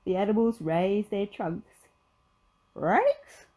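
A woman reading a children's picture book aloud in an expressive storytelling manner. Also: fairly low pitch, measured pace, rough recording.

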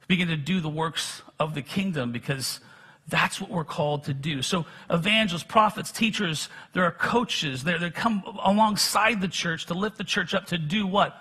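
Husky high-voiced male preacher. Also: bright, forceful tone. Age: middle-aged. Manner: conversational, self-deprecating humor, frequent restarts. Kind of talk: sermon with personal stories.

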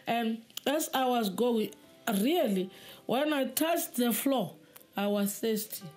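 A woman giving a spoken testimony in an earnest, halting way, often repeating words. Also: a little high, animated, a little mellow. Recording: faint music behind.

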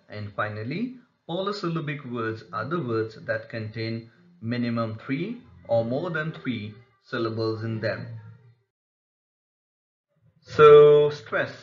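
A man's voice: mid-range voice, a bit bright. A male teacher giving a methodical pronunciation lesson and repeating example words with care. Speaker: English teacher. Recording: echoey room, slightly muffled lo-fi sound.

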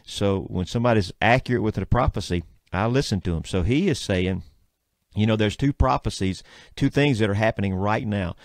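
A man in his fifties with a Southern US accent hosts a Christian radio talk show, and his low voice carries a gravelly fry. He talks in a fervent, preachy way that gets excitable, and the studio mic sounds dry and close. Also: brisk, dry recording. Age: 50s.

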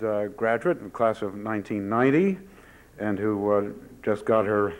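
A man introducing a lecture speaker, halting often with many fillers. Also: fairly low pitch, darkish tone, rough recording. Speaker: event moderator. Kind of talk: formal introduction. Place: lecture hall.

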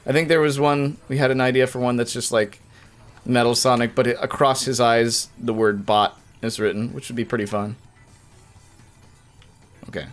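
A young man giving casual, jokey live-stream commentary while playing a video game, with quick bursts of frustration. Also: medium pitch, fairly even intonation, faint music behind.

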